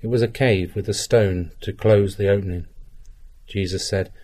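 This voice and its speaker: A man reading a Gospel passage aloud in a measured, even way. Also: lowish voice. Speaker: scripture reader.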